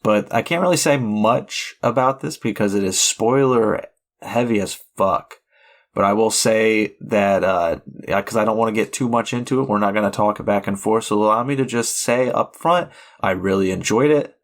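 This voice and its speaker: A young man with a lowish voice co-hosts a film podcast. He talks in a relaxed, casual way, laughs often and swears now and then. He sounds close to a podcast mic. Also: normal speed. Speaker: podcast co-host. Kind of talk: casual chat.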